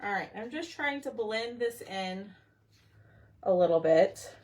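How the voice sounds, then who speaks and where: A woman's voice: medium pitch, expressive, unhurried, darkish tone. A woman hosting a casual craft tutorial livestream, chatting with her viewers and her pets while she works.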